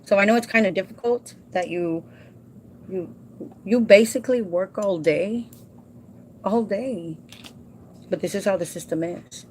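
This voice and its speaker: A woman's voice: medium pitch, a little slow, pauses often, a little mellow, slight background noise. A woman in her forties hosts a casual livestream, talking to viewers by name. She explains work paperwork step by step in a folksy way and drops into Spanish now and then. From Southern California. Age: 40s. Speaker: livestream host.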